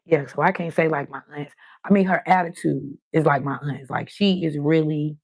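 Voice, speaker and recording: A woman's voice: low voice, steady tone, moderate pace, gravelly, a little mellow, no room sound. An older woman, hosting a live stream and chatting casually, telling stories full of quoted voices.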